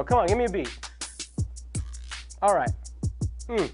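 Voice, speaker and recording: A man's voice: high voice, big pitch swings, unhurried, music in the background. A young man hosting a comedic web show, joking and rambling in a self-deprecating way. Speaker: host.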